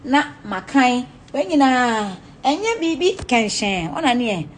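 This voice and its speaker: A young woman with a Ghanaian accent, a celebrity, shows her home to camera in casual talk, her voice sitting high and very animated but a little slow. She is blunt, swears, and mixes Pidgin and Twi, with slight background noise.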